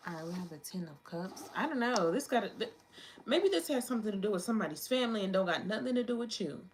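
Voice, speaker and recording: A woman in the middle of a casual tarot reading, chatty and slangy, thinking aloud as she turns the cards. Her voice sits at an ordinary middle pitch. Clicks and the shuffle of cards come through clearly under her talk. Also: lively intonation, quick pace, slight background noise, poor audio. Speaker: tarot reader. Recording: clicks and card shuffling behind.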